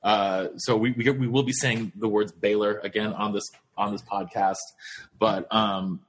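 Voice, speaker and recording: A man hosting a casual sports podcast, rambling with lots of fillers and halting restarts. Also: on the low side, steady tone, a little hiss or hum. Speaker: podcast host.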